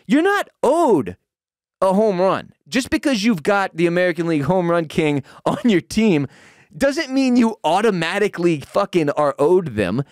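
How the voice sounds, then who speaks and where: A man hosting a sports podcast, ranting in a profane, heated way with shouted peaks, then dropping to a low, weary tone. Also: dry recording, studio quality. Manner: drops to low, weary tone when calming down. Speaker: podcast host. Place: home room with dogs.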